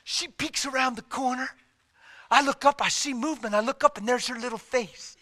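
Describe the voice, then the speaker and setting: A middle-aged man preaching a sermon, telling a personal story and swinging from loud outbursts to hushed asides. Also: very high voice, normal speed. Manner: animated, swings from loud to hushed, acts out quotes.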